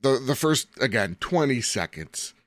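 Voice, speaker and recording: A young man co-hosting a casual podcast, talking in an animated, rambling way and laughing often. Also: mid-range voice, measured pace, dry recording. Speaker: podcast co-host.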